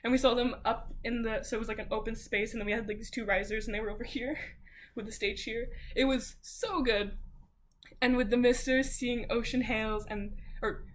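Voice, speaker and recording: A woman's voice: a little high, fairly even intonation, normal speed, slight background noise. A young woman chatting casually to camera as a vlogger, gushing and bubbly with lots of fillers. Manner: gushing, bubbly, lots of likes and ums, giggly.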